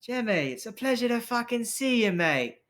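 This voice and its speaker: A man's voice: very high-pitched, very animated, moderate pace, a bit bright, voice pushed up, heavily acted. A man voicing a brash, crude male gangster with metal teeth who swears and wheedles.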